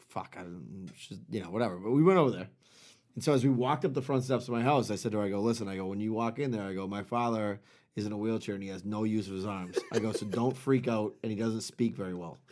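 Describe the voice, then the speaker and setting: A man co-hosting a podcast in casual chat, excitable and profane, laughing often at his own stories. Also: on the low side. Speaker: podcast co-host.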